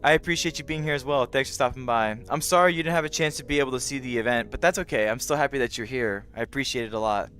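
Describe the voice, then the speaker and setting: A man's voice: fast talker, hardly any pauses, a bit bright, soft background music. A young man casually chatting on a live stream, greeting viewers by name in a friendly, playful way. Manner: friendly, greets chat by name, playful meowing in a high squeak.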